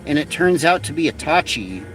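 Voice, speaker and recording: A man's voice: on the high side, very animated, moderate pace, a bit bright. A man hosting a livestream, delivering a rambling, profane, mocking satirical rant. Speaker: livestream host. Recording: distant from mic, faint music.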